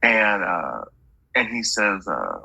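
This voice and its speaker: A man's voice: low-pitched, huge pitch swings, takes it slowly, creaky, bright, forceful tone, slightly rough, no room sound, highs cut off. A man working as a medium, relaying messages in a chatty reading and stringing quotes together with "he's like".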